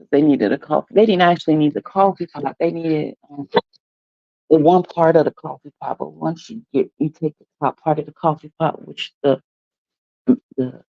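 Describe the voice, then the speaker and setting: A woman's voice: sits low, vocal fry, dry recording. A woman hosting a live stream, rambling casually with folksy asides. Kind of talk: casual morning chat. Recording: dry, slightly dull stream audio.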